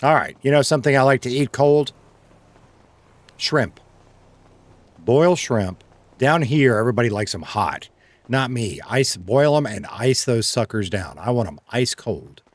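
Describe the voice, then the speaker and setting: A man's voice: mid-range voice, lively intonation, a little slow, long pauses, dry recording. A man streaming a roleplay game, chatting casually with his chat and reading messages aloud. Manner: chatty, reads chat aloud, laughs easily.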